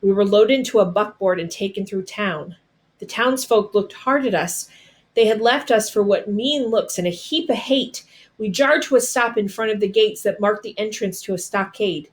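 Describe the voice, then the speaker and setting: A woman reading a storybook aloud, with measured, dramatic storytelling. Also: medium pitch. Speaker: storybook reader. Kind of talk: read-aloud storybook narration.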